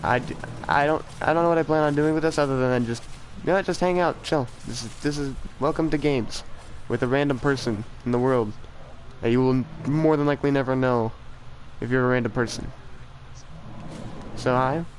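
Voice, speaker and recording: A man's voice: medium pitch, moderate pace, a little hiss or hum, low-quality recording. A teenage boy chatting casually on a game stream, rambling and self-deprecating, often trailing off and restarting. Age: teens. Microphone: desk mic for streaming.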